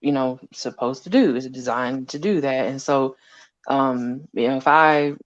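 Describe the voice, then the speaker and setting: A woman scientist talking casually about her lab work, animated and often laughing as she acts out conversations. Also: very deep voice, a little slow, dry recording, muffled recording.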